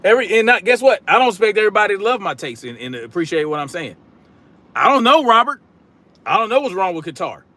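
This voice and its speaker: A combative man running a political live stream and reading his chat aloud. He talks bluntly in casual slang and projects his voice. His voice sits a little higher than most men's. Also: expressive, rapid-fire, hardly any pauses, bright, forceful tone. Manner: casual slang, repeats catchphrases.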